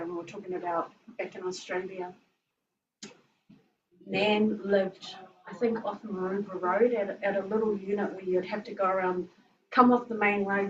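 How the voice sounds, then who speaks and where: A woman, giving a chatty, emotional tribute at a family gathering, often laughing. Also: mid-range voice. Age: 50s. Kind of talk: informal memorial speech. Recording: roomy, distant, muffled, faint hiss.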